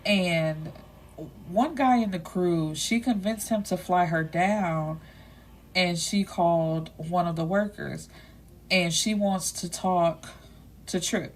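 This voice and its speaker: A woman with a slightly low voice recaps a novel's plot like she's spilling gossip to a friend. She talks casually and leans on "you know" and "like." She drops blunt, salty asides along the way. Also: slight background noise. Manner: chatty, leaning on "you know" and "like". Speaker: book reviewer.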